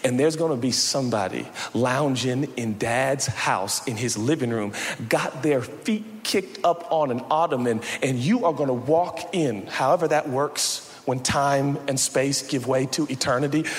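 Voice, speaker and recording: A man preaching a sermon, animated, swinging from shouting to quiet with playful asides. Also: mid-range voice, moderate pace. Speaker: pastor. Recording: long hall reverb, faint background noise.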